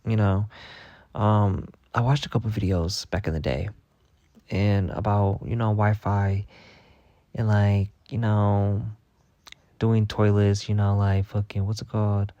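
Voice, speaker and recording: A young man telling a rambling, profane story in a casual monologue, packed with filler words and deadpan bragging. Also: fairly low pitch, unhurried, no room sound, lo-fi sound. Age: young adult. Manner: rambling, heavy on "like" fillers and swearing. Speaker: vlogger.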